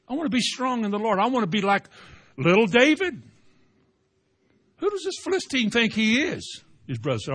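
Preacher with swinging emphasis. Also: male voice, sits high, slightly rough. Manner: rhetorical questions, swings from loud drawn-out emphasis to quiet. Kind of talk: sermon.

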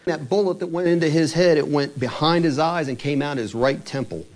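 A man's voice: a little high, fairly quick, darkish tone. A man preaching a sermon, retelling a true story in a conversational, dramatic way. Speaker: pastor.

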